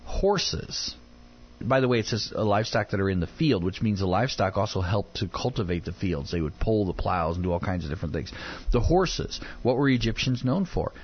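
A radio Bible teacher with a low voice and a breathy edge moves briskly through a passage, talking conversationally and acting out the people he quotes with animation. The recording has a dull, lo-fi quality.

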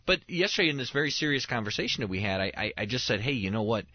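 Racing along in a very animated, medium-pitched voice, a pastor in his thirties tells family stories while casually chatting on his talk show. He chuckles a lot and restarts mid-phrase. The recording has no echo, and its highs are cut off.

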